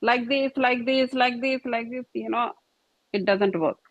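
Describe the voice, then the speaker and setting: A woman teaches a yoga and meditation class, patient and repetitive as she demonstrates each posture with gestures. Her voice is on the high side and unhurried, in a dull lo-fi recording that is dry with no room sound.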